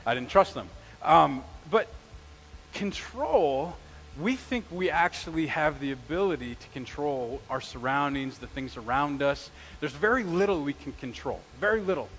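A middle-aged man, preaching a sermon and telling a story with lively, acted-out quoted lines. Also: fairly high pitch, measured pace, rough recording. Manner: animated, acts out quoted lines with big swings in loudness. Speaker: pastor.

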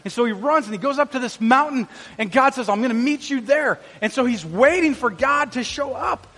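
Middle-aged male pastor, high voice, energetic, jokey with the crowd, long church-hall reverb. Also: fairly quick. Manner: energetic, jokey, quizzes the congregation. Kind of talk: sermon. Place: church auditorium.

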